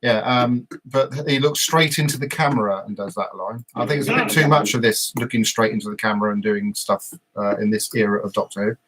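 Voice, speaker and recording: A man's voice: fairly low pitch, a little fast, few pauses, fairly bright tone. A man hosting a casual live podcast, recapping an episode in a meandering way with frequent hesitations. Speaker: podcast host.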